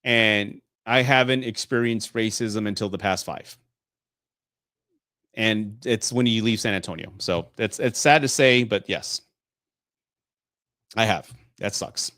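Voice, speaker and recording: A man's voice: fairly low pitch, slow pace, long pauses, fairly bright tone, no room sound, clean studio sound. A man in his late forties from Texas, hosting a casual live stream Q&A, swearing freely and laughing often. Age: 40s. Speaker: host.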